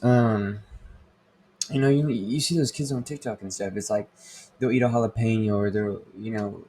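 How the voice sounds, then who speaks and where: A man's voice: lowish voice, a little mellow, slight background noise. A young man hosting a casual podcast, rambling and swearing a lot, with many fillers. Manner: rambling, profane, full of fillers. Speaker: podcast host. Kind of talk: casual crude monologue.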